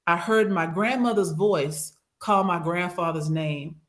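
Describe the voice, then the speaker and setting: A woman recounting a personal trip in casual podcast chat, animated and acting out what others said, on a studio microphone. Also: lowish voice, unhurried. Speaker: regular co-host and guest.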